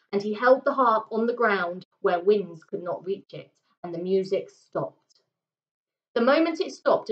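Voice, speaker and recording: A woman primary school teacher reading a children's story aloud, with an expressive delivery and dramatic pauses. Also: medium pitch. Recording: roomy, slightly muffled home recording.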